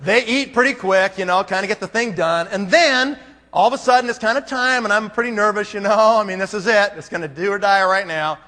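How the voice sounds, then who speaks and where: A man's voice: high-pitched, fairly quick. A man speaking at a business conference who tells a comic story, acting out each person in it. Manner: animated, acts out every character. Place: large conference hall. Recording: long hall reverb.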